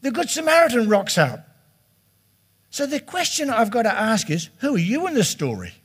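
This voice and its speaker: A man's voice: extremely high pitch, big pitch swings, moderate pace, fairly bright tone, husky. A middle-aged man preaching a sermon as pastor in a chatty, conversational way. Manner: chatty and conversational, slipping into quoted voices.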